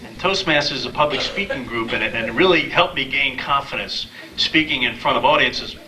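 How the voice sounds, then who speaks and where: Bright-voiced man telling stand-up stories. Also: mid-range voice, brisk, distant mic, rough recording. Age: 30s. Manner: deadpan storytelling with acted-out quotes. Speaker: stand-up comedian. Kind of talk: stand-up comedy set. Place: small live comedy venue.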